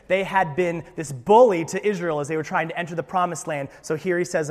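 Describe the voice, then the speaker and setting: Animated preacher, man, hall reverb. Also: sits high, brisk. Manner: animated, acts out dialogue with big loud swings. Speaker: pastor. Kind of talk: sermon.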